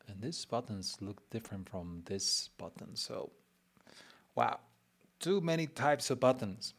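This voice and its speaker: A man's voice: mid-range voice, lively intonation, unhurried, gravelly, breathy edge. A man streaming a casual design walkthrough who chats and mutters to himself, teasing himself along the way. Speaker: web designer streaming his work.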